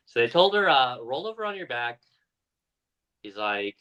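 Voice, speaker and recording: A man's voice: medium pitch, big pitch swings, a little slow, long pauses, pushed and bright, poor audio. A man co-hosting a podcast, casually retelling a story with lots of fillers and acting out the people in it. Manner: loose, filler-heavy retelling with acted-out quotes.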